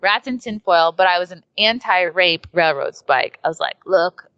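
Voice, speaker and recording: A woman's voice: on the low side, lively intonation, moderate pace, a bit bright, clear, resonant tone, no echo. A woman comedian from New York, telling a story in a casual, chatty way with lots of filler words as an interview guest. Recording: dry, dull lo-fi sound.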